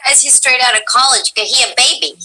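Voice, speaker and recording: A woman hosts a casual chat over a video call. Her voice sits high and sounds sharp and bright, and she talks in a bubbly, playful way, often teasing her guest. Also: fast talker, rough recording. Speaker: interview host.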